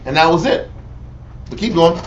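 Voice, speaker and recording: A man's voice: a little high, animated, moderate pace, muffled recording. A man leading a casual group Bible study, talking in slang and commenting on scripture readings. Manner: loud, laughing storytelling, slangy. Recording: distant mic, faint noise.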